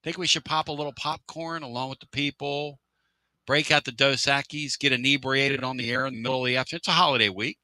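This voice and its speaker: A middle-aged man hosting a casual sports radio show, joking, with loud outbursts and drawn-out catchphrases. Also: mid-range voice, steady tone, dry recording.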